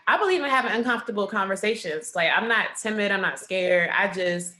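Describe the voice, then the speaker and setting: Outspoken woman with a bright edge. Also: mid-range voice, fairly quick. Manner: outspoken, blunt, expressive. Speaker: music journalist, interview guest. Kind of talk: conversational interview.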